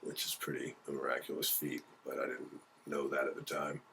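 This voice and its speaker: A man's voice: rumbling low, flat delivery, fairly quick, gravelly, pushed and bright, a little hiss or hum. A man in his forties from Philadelphia, a guest actor telling stories in a casual radio interview and acting out the voices of people in them. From Philadelphia, USA. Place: radio studio.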